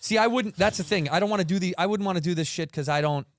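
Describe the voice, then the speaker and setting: A man co-hosting a podcast in casual chat, animated and quick to cut in mid-sentence. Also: high voice, no room sound, studio quality. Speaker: podcast co-host.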